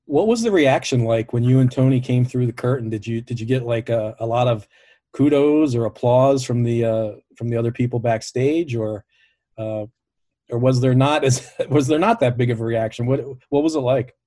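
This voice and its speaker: A man's voice: mid-range voice, normal speed, dark tone, no room sound, clean studio sound. A man hosting a casual interview, asking long, rambling questions in a friendly way. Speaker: podcast host, interviewer.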